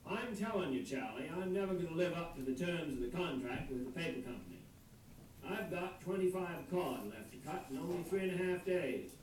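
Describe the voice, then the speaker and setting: A dry, laconic country trucker, acted by a man speaks in a slightly high voice. The old record sounds distant and heavily echoed, over a clear hiss. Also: animated, a little fast, a little mellow, natural voice. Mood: explaining. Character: stubborn, dry-witted rural trucker, adult man. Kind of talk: vintage comedy record.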